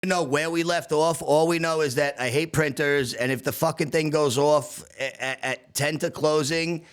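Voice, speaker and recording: A man from Staten Island, a chef and podcast co-host, telling kitchen stories in a profane, laughing, animated way. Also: fairly high pitch, normal speed, clean tone. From Staten Island, New York. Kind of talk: casual podcast chat.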